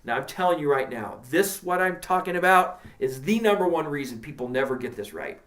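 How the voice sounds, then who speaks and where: A man's voice: fairly high pitch, lively intonation, brisk, fairly bright tone, reverberant. A man teaching a drumming lesson in a direct, encouraging way, counting strokes aloud as he plays. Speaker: drum teacher. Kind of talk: instructional video lesson.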